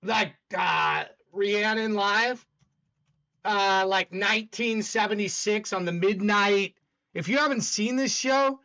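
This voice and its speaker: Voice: mid-range voice, slow, sharp tone. A live-stream music show host chatting casually while reviewing songs, gushing and rambling with many restarts.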